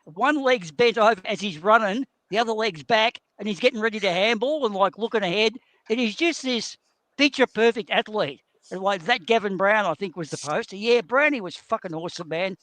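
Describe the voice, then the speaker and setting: A man's voice: sits high, brisk, fairly bright tone, dry recording. A middle-aged man with an Australian accent, telling rowdy, profane stories in a casual podcast chat. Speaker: podcast co-host.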